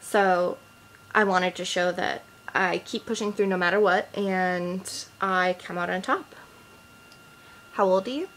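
A woman's voice: on the low side, a little slow, fairly bright tone, a little hiss or hum, rough recording. A woman in her twenties from Boston with a Boston accent, chatting casually and jokily as she reads out questions and answers them, recorded on an iPod mic. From Boston, Massachusetts. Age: 20s. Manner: casual and jokey, reading questions aloud then answering. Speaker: vlogger. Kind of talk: casual accent challenge vlog. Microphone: iPod built-in mic.

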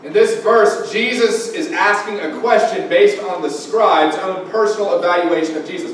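A high-voiced male pastor preaches in a church sanctuary, pressing his point with questions to his listeners. His voice booms back from a very echoey hall, picked up from some distance by a room mic, with faint noise underneath. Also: normal speed. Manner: preaching with rising emphasis and direct questions to listeners. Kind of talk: sermon.

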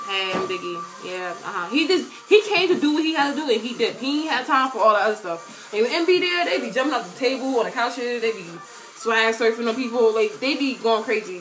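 A young woman chatting casually to her webcam, slangy and animated, often breaking into loud quoted voices. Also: fairly high pitch. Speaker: vlogger answering viewer questions. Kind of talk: casual chat to camera.

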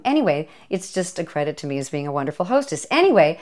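A woman hosts a cooking show with a slightly low voice for a woman. She talks to the camera in a playful, chatty way, slipping in jokey asides and little cheers as she demonstrates. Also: big pitch swings, fast talker, few pauses, a little mellow. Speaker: cooking show host, home economist.

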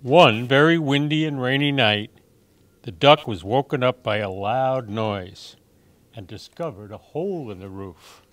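A man reading picture books aloud for children in a gentle, expressive storytime manner. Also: medium pitch, a little slow. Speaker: storytime reader.

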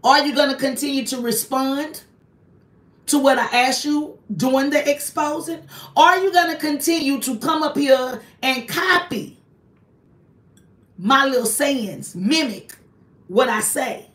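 A woman whose voice sits high and fairly bright talks a little slowly while hosting a confrontational live stream. Again and again she throws accusing rhetorical questions at one person, preachy in tone and invoking God. The recording catches a roomy echo, with her well away from the mic.

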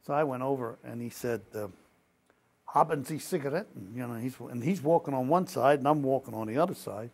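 Here an older man with a gravelly, mid-range voice talks quickly and hardly pauses at all. Recalling his experiences for an oral history, he delivers spirited anecdotes packed with quoted exchanges.

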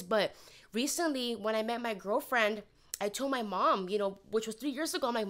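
A woman's voice: on the high side, brisk. Woman in her thirties telling a personal story. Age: 30s. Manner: candid, animated, acts out quoted dialogue. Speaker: podcast co-host.

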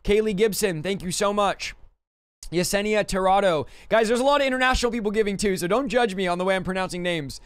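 Fast, bright-voiced male livestream host. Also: high-pitched, clean tone, no room sound. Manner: rapid, upbeat, stumbles over names. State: out of breath. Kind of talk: reading donor thanks on a livestream.

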